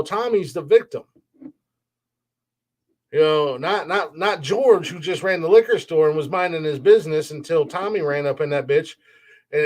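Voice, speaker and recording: Blunt, profane man ranting on a podcast. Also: fairly high pitch. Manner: blunt, profane, heated, with frequent restarts. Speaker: podcast host. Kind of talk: opinionated solo podcast rant.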